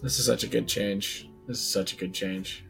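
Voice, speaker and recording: Bright-voiced joking man. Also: lowish voice, fairly even intonation, moderate pace, creaky. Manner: playful, joking, swearing. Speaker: podcast co-host. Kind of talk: casual reaction chat. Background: show audio with music.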